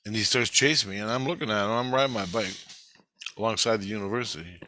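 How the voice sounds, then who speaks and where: A man's voice: fairly low pitch, fast talker, sharp tone. Intense, swearing man recounting a dream. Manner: profane, rambling, intense. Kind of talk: rambling dream recounting monologue.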